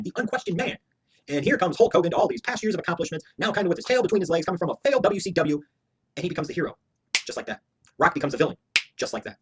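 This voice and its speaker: A man with a slightly high, husky voice tears through a wrestling review at a rapid clip. He swears freely and drives every opinion home with heated, emphatic repetition, as if arguing with his audience.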